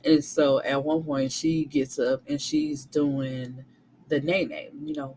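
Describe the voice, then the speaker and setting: A woman recapping a romance novel for her viewers in a casual, animated way, swearing freely and talking back to the characters. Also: low-pitched, unhurried, slight background noise, rough recording. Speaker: book reviewer.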